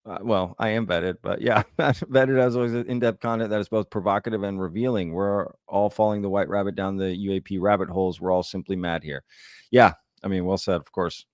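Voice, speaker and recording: A man's voice: deep voice, steady tone, a little fast, dry recording, clean studio sound. A man hosting a live Q&A, reading chat comments aloud and laughing often. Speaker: livestream host.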